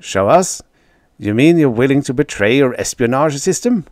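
A man's voice: medium pitch, expressive, normal speed, darkish tone, no room sound, studio quality, pitched above the performer's own voice, lightly acted. A man voicing a grave, stern male head of state who speaks formally.

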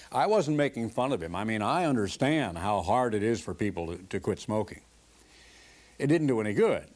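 A man's voice: mid-range voice, darkish tone. An older man giving a televised sermon in an earnest, conversational preaching manner.

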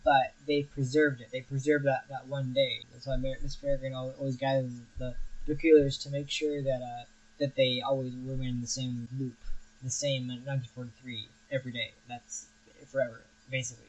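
A man's voice: medium pitch, little pitch movement, normal speed, dull audio. A young man hosting a film review show, talking casually and rambling with frequent restarts and fillers.

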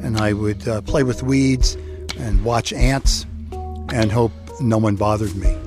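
A man's voice: fairly low pitch, steady tone. Man telling his own story. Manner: reflective, halting. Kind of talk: personal storytelling. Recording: produced podcast with music bed.

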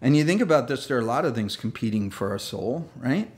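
A man's voice: mid-range voice, lively intonation, fast, a little mellow. A man preaching a sermon as pastor, conversational and self-deprecating, with jokey asides and laughs. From United States. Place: church sanctuary.

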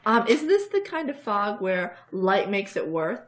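A woman plays a tabletop game, her pitch swinging widely as she talks. She hesitates often, filling gaps with ums and restarts. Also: big pitch swings, measured pace, a little hiss or hum. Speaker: player.

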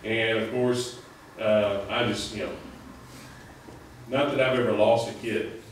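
Brief: man, low-ish voice, rambling sermon preacher, heard from a distance in a very echoey church. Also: steady tone, a little slow, slight background noise. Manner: conversational, rambling with many fillers. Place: church sanctuary. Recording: echoey hall, mic at a distance.

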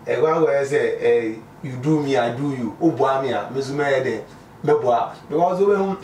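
A man with a Ghanaian accent giving his view in a casual street interview, talking haltingly and mixing pidgin English and Twi. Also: medium pitch, darkish tone. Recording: echoey, distant mic, faint noise.

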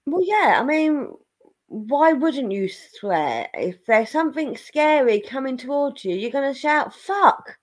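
A woman hosting a casual chat, relaxed and joking, acting out quoted reactions. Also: high voice, measured pace. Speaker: host.

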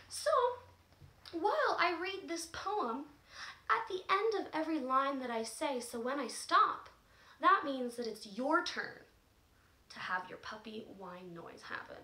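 A woman's voice: high-pitched, sharp tone, roomy sound. A woman teaching a movement and music class to young children, encouraging and sing-song.

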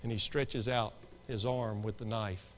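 A man preaching a sermon, swinging between hushed lines and sudden shouts. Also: fairly low pitch, steady tone, unhurried, big-room sound, a little hiss or hum. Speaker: pastor. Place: church sanctuary.

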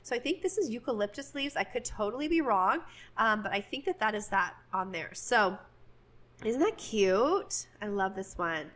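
A woman's voice: medium pitch, fairly quick, sharp tone. Young woman vlogging thru a store, gushy and chatty, lots of ums. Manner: chatty and gushing, with fillers. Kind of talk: casual store walk-through.

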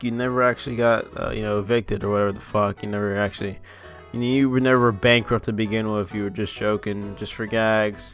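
Sarcastic young man ranting, bright voice. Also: on the low side, fairly even intonation, brisk, soft background music. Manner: profane, sarcastic, mocking. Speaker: YouTuber. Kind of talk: casual ranting vlog.

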